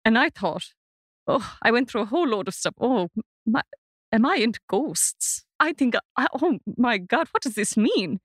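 A woman's voice: a little high, lively intonation, moderate pace, dry recording, studio quality. A woman on a comedy panel who tells a rambling anecdote. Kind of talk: comic storytelling.

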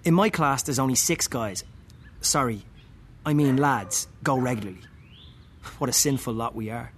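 A man reading a first-person story aloud, slow and wry, with muttered, dry asides. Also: mid-range voice, a little hiss or hum.

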